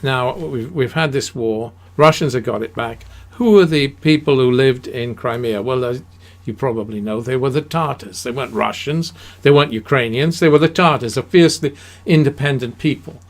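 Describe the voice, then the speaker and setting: A man's voice: mid-range voice, moderate pace, few pauses. A man giving an unscripted history talk, rambling and emphatic, with many fillers and restarts. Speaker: history lecturer.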